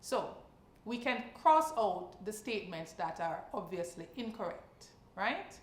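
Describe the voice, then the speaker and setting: A woman's voice: mid-range voice, big pitch swings, a little slow, roomy sound, a little hiss or hum. A woman teaching a science exam practice lesson. She explains step by step and keeps checking in with questions to her students.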